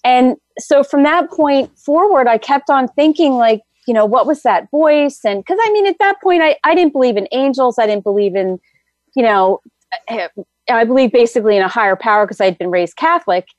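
A middle-aged woman guest telling her story in an animated, rambling way with many fillers. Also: a little high, a little fast, dry recording. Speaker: guest, energy healer. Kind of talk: casual interview storytelling.

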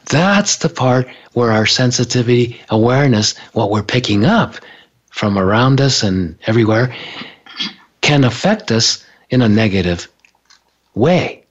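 Animated man with a husky voice. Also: mid-range voice. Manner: animated, acts out inner voices. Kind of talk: casual spiritual talk. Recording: dull lo-fi sound.

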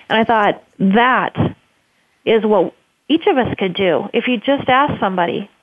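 A woman's voice: medium pitch, moderate pace, no echo. A woman who runs a homeless shelter, telling a story earnestly in an interview, with many fillers. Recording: tinny phone line, dry.

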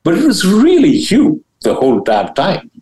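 A man, a spiritual teacher and guest, explaining ideas in an animated, emphatic way with blunt, casual wording and big swoops in pitch. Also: moderate pace, rough recording. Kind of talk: animated interview talk about spirituality.

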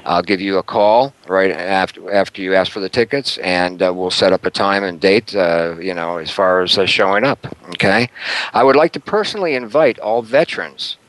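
A man's voice: low voice, normal speed, a bit bright, no echo, rough recording. Upbeat, chatty man hosting talk radio. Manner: chatty and upbeat, with frequent fillers and little laughs. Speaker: radio talk show host.

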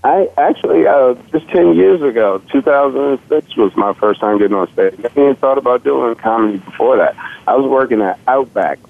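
A man's voice: mid-range voice, animated, brisk, creaky. A man in his forties from Virginia with a slight Southern accent, a comedian guest joking sarcastically in a casual podcast chat. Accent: slight Southern rural Virginia. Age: 40s. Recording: tinny phone line.

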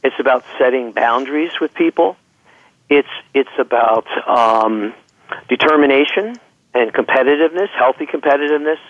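A man's voice: mid-range voice, normal speed, dry recording. A man explains his ideas as a podcast guest, stumbling through repeated words and restarts. His voice comes through a tinny phone line with a dry, close sound. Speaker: guest, clinical psychologist. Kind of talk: interview conversation.

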